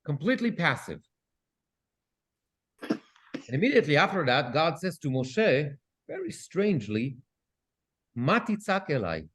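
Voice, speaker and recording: A man, a cantor, teaching a Bible study class who reads Hebrew verses aloud and translates them with lively questions. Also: fairly high pitch, measured pace, long pauses, breathy edge.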